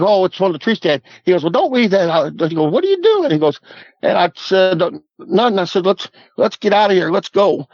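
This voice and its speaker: Man, fifties, slightly high voice, earnest folksy storyteller, dry lo-fi audio. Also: dry recording. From Southwest Missouri Ozarks. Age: 50s. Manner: earnest, folksy, repeats "I said" and "he goes". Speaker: guest. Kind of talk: recounting a personal encounter.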